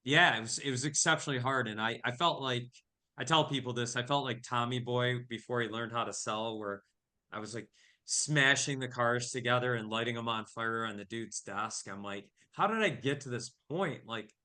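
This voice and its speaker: Bright-voiced man telling a story. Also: mid-range voice, moderate pace. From New York. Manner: animated storyteller, acts out quoted dialogue. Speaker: family business owner, podcast guest. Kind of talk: casual storytelling.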